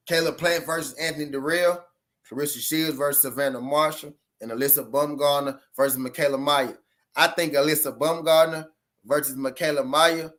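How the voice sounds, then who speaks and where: Southern guy hosting a boxing stream, kinda high voice, loose and chatty with chat. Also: a bit bright. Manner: loose and chatty, talks straight to chat, repeats himself. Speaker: boxing livestream host. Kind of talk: casual livestream chat with viewers.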